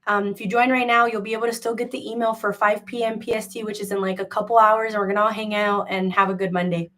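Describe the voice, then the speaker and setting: A bit bright and medium in pitch, this young woman's voice keeps a level tone at a quick pace while she hosts a crochet live sale. It's casual live-stream chatter, rambling and frank, with gossip and a stream of "likes" and fillers.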